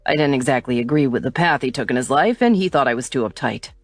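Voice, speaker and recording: Woman narrator doing a teasing young guy, low and lightly playful, audiobook read. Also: expressive, fast talker, no echo. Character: teasing playful young man, a loyal friend.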